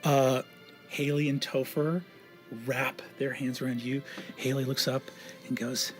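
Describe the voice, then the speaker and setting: A man narrating a tabletop game as game master, animated and shifting between characters. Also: medium pitch, unhurried, soft background music.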